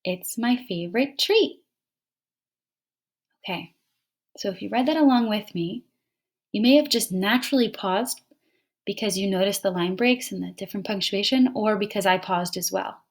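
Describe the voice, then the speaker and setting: A woman teaching a fluency lesson to young readers over a computer, reading a short poem aloud and explaining its pauses in a clear, patient way. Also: medium pitch. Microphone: computer mic, online class.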